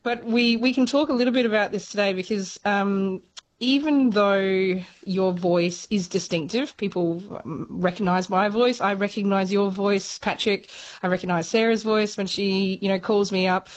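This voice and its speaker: Woman, podcast guest, casual explainer, hesitant, lots of ums and restarts, mid pitch. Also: normal speed, rough recording. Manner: hesitant, many fillers and restarts. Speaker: speech science guest.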